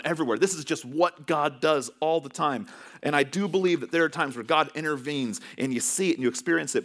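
A man preaching a sermon as a pastor, telling stories in a conversational, animated way. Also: medium pitch. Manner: conversational storytelling with animated swings.

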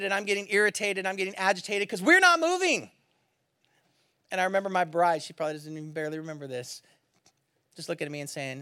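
Middle-aged male pastor, high bright voice, dry close sound, storytelling sermon that swings between loud and hushed. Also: sing-song, a little fast, dry recording. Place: church service.

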